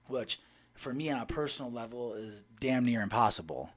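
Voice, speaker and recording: A man's voice: mid-range voice, animated, moderate pace, no echo. Blunt, emphatic man telling a story. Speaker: vlogger. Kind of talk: personal storytelling.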